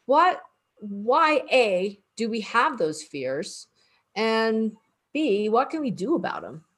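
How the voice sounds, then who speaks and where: A woman's voice: on the high side, sing-song, slow, fairly bright tone. A woman hosting a casual discussion, putting questions to guests and summing up their points. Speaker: host.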